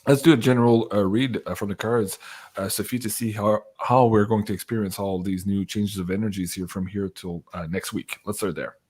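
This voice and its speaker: A man's voice: fairly low pitch, steady tone, a little fast, darkish tone, husky. A man hosting a casual livestream, upbeat and chatty, reading out viewers' messages and laughing often. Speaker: livestream host.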